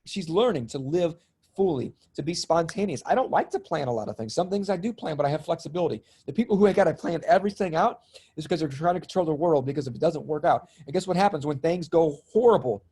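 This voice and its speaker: A middle-aged man tells his stories with real liveliness, breaking into laughter and acting out the people he quotes. His voice sits a little higher than most men's. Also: animated, quick pace, dark tone, slightly rough. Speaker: guest, spiritual comedian and healer. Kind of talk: animated storytelling in conversation.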